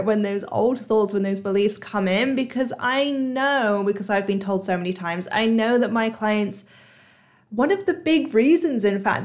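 A woman with a Bristol accent, hosting her own podcast as a hypnotherapist and coach, talking casually with many fillers. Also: fairly high pitch. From Bristol, England. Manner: chatty, frequent "you know" and "like" fillers. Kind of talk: solo podcast monologue.

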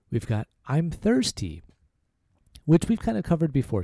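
Dark-voiced man teaching a language lesson. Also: on the high side, wildly swooping pitch, vocal fry, no room sound, studio quality. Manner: slow, repeated demonstration of phrases. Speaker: language teacher, podcast host. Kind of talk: casual spoken language lesson.

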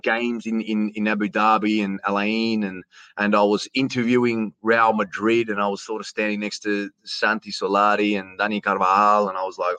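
Chatty Australian man, lowish dry voice. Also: little pitch movement, moderate pace, bright, forceful tone, clean tone, no echo, lo-fi sound. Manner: chatty, restarts a lot, says "mate". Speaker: ring announcer and presenter. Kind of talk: casual interview storytelling.

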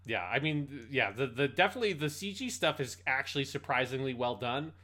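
A man co-hosting a podcast in casual chat, telling stories in an animated, sweary way. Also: mid-range voice, a little fast. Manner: animated, sweary, laughing storytelling. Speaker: podcast co-host.

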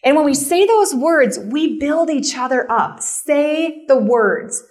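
High-voiced chatty woman preaching. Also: lively intonation, takes it slowly, darkish tone. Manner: chatty, self-deprecating, lots of "like" and "right?". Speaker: camp meeting speaker. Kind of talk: conversational sermon.

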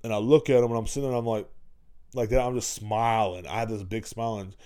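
A man's voice: fairly low pitch, fairly even intonation, quick pace, warm tone, clean tone. Profane, rambling man telling stories. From Texas. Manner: profane, rambling, laughing as he tells it. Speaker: podcast host. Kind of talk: casual storytelling.

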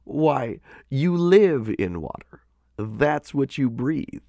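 A man voicing an amused, kindly otter in a storybook parable, with a bright, lilting manner. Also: mid-range voice, very animated, slow, vocal fry, dry recording, pitched above the performer's own voice, heavily acted.

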